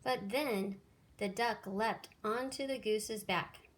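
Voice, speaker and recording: A woman teacher reading a children's picture book aloud with expressive storytelling. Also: medium pitch, takes it slowly.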